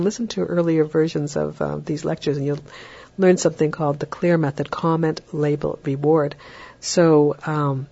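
A woman giving a recorded parenting lecture in a chatty way, breaking into a lilting higher voice when she acts out what a parent might say. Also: vocal fry, warm tone, slightly rough. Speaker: parenting educator. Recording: dull lo-fi recording.

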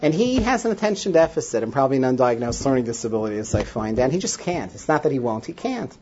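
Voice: medium pitch, very animated, fast, warm tone, highs cut off, slight background noise. Therapist telling a story with emotion. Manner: emotional, with many fillers and restarts. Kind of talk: storytelling talk to an audience.

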